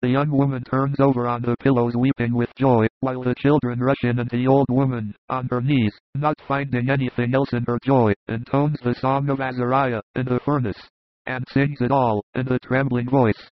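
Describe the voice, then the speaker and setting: A man reading a scripted story narration in an even, level way. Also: mid-range voice, moderate pace, dry recording. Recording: dull, muffled sound.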